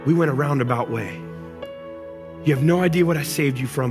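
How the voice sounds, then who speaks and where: A man preaching a sermon as pastor, animated and acting out angry complaints before dropping to soft, intimate tones. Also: mid-range voice, brisk, long pauses. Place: church auditorium. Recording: church hall reverb with music.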